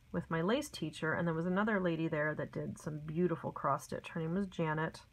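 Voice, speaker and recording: A middle-aged woman with a slightly low voice teaches a craft project from her home desk. She talks in a chatty, homey way, full of ums and little asides as she works. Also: vocal fry, a bit bright, poor audio. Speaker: craft tutorial host. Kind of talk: casual step-by-step craft lesson.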